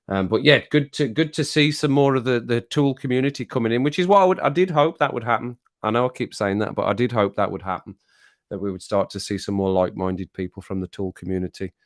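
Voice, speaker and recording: Jokey man chatting on a live stream. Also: fairly low pitch. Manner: jokey and teasing, laughs often, repeats phrases. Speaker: livestream host reading chat. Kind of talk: casual live-stream chat.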